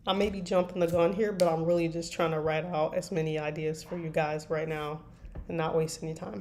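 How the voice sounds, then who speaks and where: A woman with a slightly low voice talks loosely to her stream viewers as she works on her writing. She rambles and jokes at her own expense. Soft keyboard clicks tap away behind her. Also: fairly even intonation, fairly quick, slight background noise. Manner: rambling, self-deprecating, chatting to viewers. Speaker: fanfiction writer live-streaming. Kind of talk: casual live-stream chat while writing. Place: at a computer desk. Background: faint keyboard typing and clicks.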